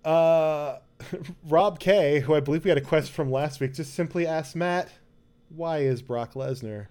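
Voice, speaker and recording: A man's voice: fairly high pitch, unhurried, darkish tone. A man co-hosting a casual podcast, reading out listener questions in a rambling, enthusiastic way. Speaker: podcast co-host. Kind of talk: casual chat.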